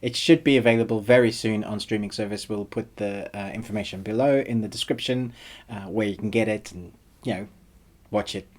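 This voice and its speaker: A man hosting a casual film review, speaking in a relaxed, rambling way with frequent fillers. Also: on the low side, fairly quick.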